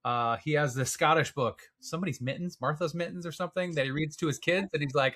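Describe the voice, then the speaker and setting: A man from Wisconsin co-hosting a podcast, chatting in a relaxed way with fillers. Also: a little high, fast, hardly any pauses. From Wisconsin, USA. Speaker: podcast co-host. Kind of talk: casual podcast chat.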